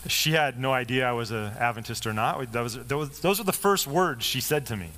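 A man's voice: medium pitch, fairly quick, slight background noise. Man pastor telling a story in a sermon. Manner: conversational storytelling, lively quoted dialogue.

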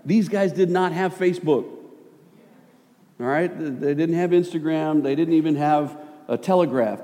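Casual preacher in a reverberant hall. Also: male voice, a little high, normal speed, dark tone. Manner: conversational preaching, jokes and acted-out asides. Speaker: pastor. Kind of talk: sermon.

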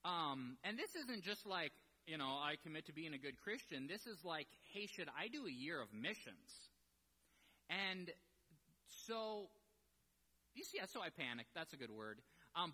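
Animated man preaching in a reverberant hall. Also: a little high, moderate pace. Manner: animated storytelling, self-deprecating asides. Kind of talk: sermon with personal story.

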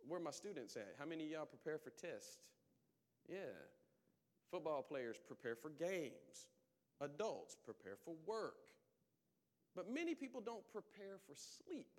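A man's voice: on the high side, very animated, a little slow, in a large hall. A man preaching a sermon in a conversational, emphatic way, calling out to his congregation.

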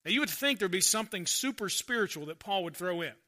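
A male pastor preaching a conversational sermon, swinging between loud emphasis and quiet asides. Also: high-pitched, lively intonation, fast talker.

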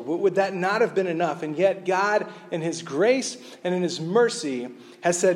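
Earnest pastor with a slightly high voice. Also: male voice, animated, normal speed. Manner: earnest, repeats words at restarts, shifts to quiet emphasis; reads scripture aloud. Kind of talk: sermon.

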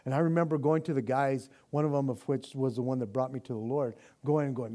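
A man's voice: mid-range voice, fairly even intonation, fast, few pauses, dark tone. A man preaching a sermon as pastor in a casual, slangy way that builds to impassioned intensity.

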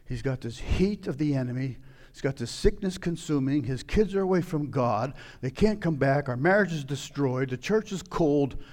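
A man preaching a sermon, retelling a scripture story and acting out its scenes with sudden loud outbursts. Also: medium pitch, lively intonation, moderate pace. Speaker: pastor.

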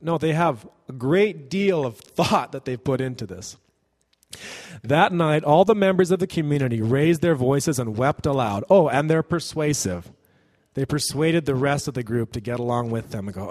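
A man preaching a sermon as a pastor, animated, often acting out the voices of the people in the passage he reads. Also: fairly high pitch, normal speed. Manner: animated, acts out quoted voices. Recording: long hall reverb.

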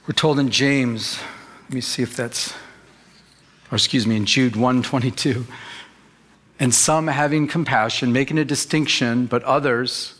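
A man's voice: mid-range voice, steady tone, unhurried, a bit bright. A middle-aged male pastor preaching a sermon in an earnest, conversational way, telling personal stories.

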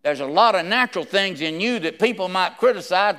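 A man preaches a sermon and reads scripture in a folksy way. His voice is smooth and a little high for a man. He swings from hushed, drawn-out lines to loud, rising ones.

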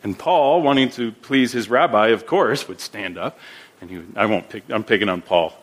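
Speaking on the low side, a pastor delivers an earnest sermon, building his points through frequent repetition of words and easing his pace for scripture quotes.

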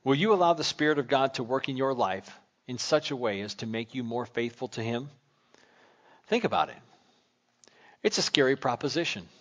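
A man's voice: medium pitch, a bit bright. A male pastor preaching a sermon, telling a story and asking searching questions in an earnest way.

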